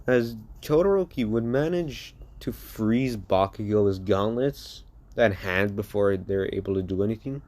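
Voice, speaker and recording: Man, improvised fan-story narration, rambling, frequent restarts, mellow dark voice. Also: lowish voice, lively intonation, a little slow. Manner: rambling, many restarts and repeats.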